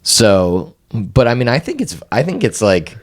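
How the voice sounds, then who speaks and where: A man's voice: medium pitch, very animated, unhurried. A man co-hosting a podcast in casual chat, hesitant and restarting his sentences, laughing easily. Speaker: podcast host.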